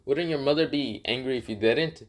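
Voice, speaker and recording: A man's voice: mid-range voice, a little fast, lightly acted. A man voicing a bossy teenage girl ninja who scolds sharply in a raised voice. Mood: scolding.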